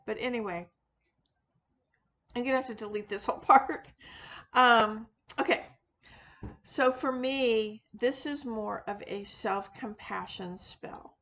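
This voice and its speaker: A woman's voice: mid-range voice, fairly bright tone. A woman talking casually to her viewers, rambling with many fillers and restarts and poking fun at herself. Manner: rambling, frequent fillers and restarts, self-deprecating. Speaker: witchcraft video host; teacher of classes. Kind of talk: casual unscripted monologue.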